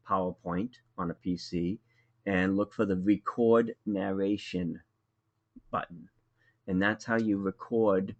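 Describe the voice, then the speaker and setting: A man with a Boston accent presenting a live webinar tutorial in a relaxed, conversational way, with frequent ums. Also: on the low side, dull audio.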